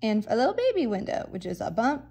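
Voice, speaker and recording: A woman's voice: on the high side, huge pitch swings, fast talker, darkish tone, slightly rough. A woman teaching a children's drawing lesson, giving encouraging step-by-step instructions. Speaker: art teacher.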